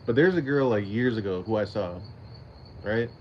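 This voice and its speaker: A man's voice: fairly low pitch, expressive, normal speed, dull audio, a little hiss or hum. Profane, rambling man on a casual stream. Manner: rambling, profane, laughs often. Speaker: channel host. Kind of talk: casual livestream chat.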